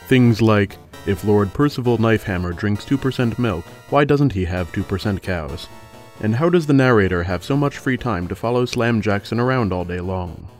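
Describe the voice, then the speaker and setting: A man's voice: on the low side, darkish tone. A man introducing a radio comedy show in a mock-grand announcer manner.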